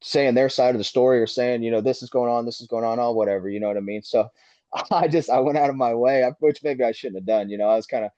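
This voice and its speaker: A man's voice: mid-range voice, fast, dark tone. A man telling a podcast host a long story with plenty of swearing, and he acts out the heated quotes in his story. His voice sits in the middle, and it comes through dull and lo-fi. The room is dry, with no echo. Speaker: race car driver guest.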